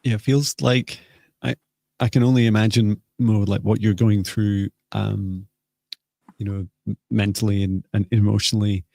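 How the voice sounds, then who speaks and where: A man hosting a live psychic healing session, speaking softly and hesitantly with many pauses. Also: on the low side, little pitch movement, creaky, no echo, studio quality. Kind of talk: slow, gentle guided healing talk.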